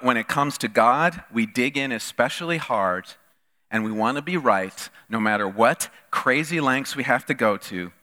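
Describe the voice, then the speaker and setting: Middle-aged pastor guy preaching, bright ringing voice, lots of rhetorical questions, loud then quiet. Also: medium pitch, long reverb tail. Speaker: lead pastor. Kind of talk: sermon.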